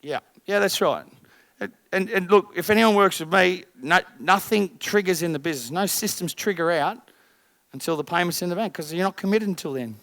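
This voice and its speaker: A man's voice: high voice, fairly quick, no echo, clean studio sound. A man coaching a group of business owners, blunt and swearing, firing rhetorical questions. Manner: energetic, rising loud at the end.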